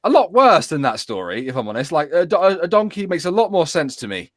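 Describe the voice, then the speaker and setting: Male co-host, lively pitch, dry close sound. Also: fast, no room sound. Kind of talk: casual chat.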